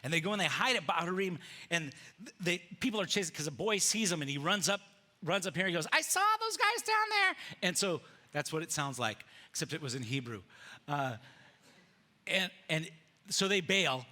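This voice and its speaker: With a bright, forceful voice that's a little high for a man, this pastor preaches at a fairly quick pace in a church sanctuary with slides. His sermon has a lively, casual storytelling style, and he jumps into the characters' voices while dropping modern slang.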